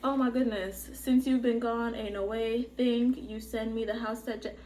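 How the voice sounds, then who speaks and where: A woman with a fairly high voice and moderate pace unboxes items for her vlog at a bedroom workstation at home; she's a podcast host talking casually to camera. Excitable and gushing, she exclaims often, over slight hiss or hum.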